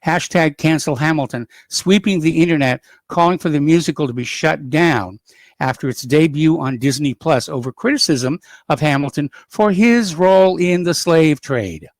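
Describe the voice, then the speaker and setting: A man hosting a call-in radio show, reading news items and adding opinionated asides in an unhurried, conversational way. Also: a little high, dry recording. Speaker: radio talk show host.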